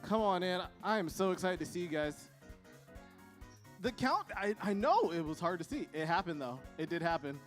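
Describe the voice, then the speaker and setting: A young adult man on high school ministry staff, co-hosting a youth service on stage, animated and teasing as he works the crowd. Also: normal speed, faint music behind.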